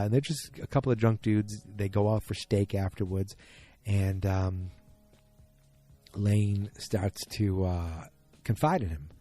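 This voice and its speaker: A man's voice: on the low side, warm tone. A man hosting a casual solo podcast, recapping an episode in a rambling, self-correcting way. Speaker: podcast host.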